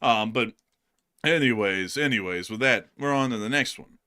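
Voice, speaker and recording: Male host, chatty rambler, stammers, bright forward tone. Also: medium pitch, normal speed, clear, resonant tone. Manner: rambling, filler-heavy, stammers. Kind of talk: casual chat.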